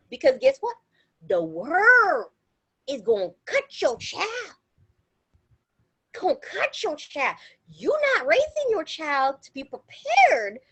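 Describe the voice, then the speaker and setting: A young adult woman co-hosting a podcast, telling stories in a casual, animated way with slangy, emphatic repetition. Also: high voice, rough recording. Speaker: podcast co-host. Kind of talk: casual chat.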